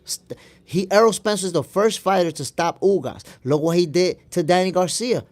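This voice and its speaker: A man's voice: high-pitched, moderate pace, darkish tone. A man hosting a boxing stream, arguing his point emphatically, repeating lines for stress and answering chat. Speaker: boxing show host. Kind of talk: live stream commentary reading chat.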